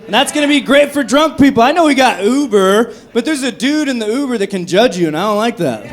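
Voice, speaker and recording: A young man does a profane, conversational stand-up set on a comedy club stage into a handheld mic, acting out drunk voices. His voice is very high-pitched and expressive, and he talks fairly quickly.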